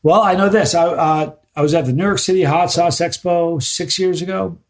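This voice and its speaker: This middle-aged podcast guest talks casually, spinning animated stories and tripping over repeated words once he gets going. His pitch is fairly high, and he speaks at a normal speed.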